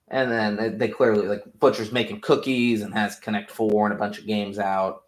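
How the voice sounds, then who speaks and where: A young man recaps a show in a loose, rambling way, full of swearing and excitement. His voice sits on the low side. The room around him gives a roomy echo. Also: normal speed. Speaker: podcast host. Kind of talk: casual recap review.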